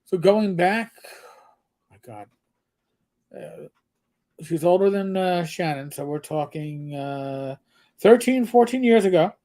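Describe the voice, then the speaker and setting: A man co-hosting a casual livestream chat, an animated storyteller who often restarts his sentences and reads viewer comments aloud. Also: sits high, takes it slowly, long pauses. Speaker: livestream co-host.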